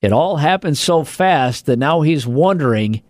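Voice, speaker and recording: A man with a slightly high voice co-hosting a comedy podcast, swinging his pitch all over as he tells stories. He swears freely and jumps into quoted voices mid-sentence. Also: a little slow, dry recording, studio quality. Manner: animated, profane, acts out quoted voices. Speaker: podcast co-host. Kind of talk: casual comedic chat.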